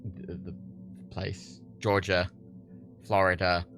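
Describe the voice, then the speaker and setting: A man's voice: deep voice, level tone, slow, fairly bright tone, faint music behind. A young man with a Liverpool accent, rambling and swearing casually on a livestream while reading chat, laughing often. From England.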